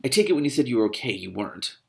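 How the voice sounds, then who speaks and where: A man reading the lines of a cold, controlling rich young man in a clipped, measured way, close to his own voice. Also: medium pitch, lively intonation, vocal fry, fairly bright tone.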